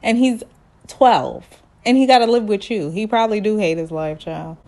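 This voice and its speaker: A woman giving a casual, slangy recap of a reality show, lively and quick to act out the people she quotes. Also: medium pitch. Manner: animated, slangy, acts out quotes in voices. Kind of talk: casual sassy recap commentary.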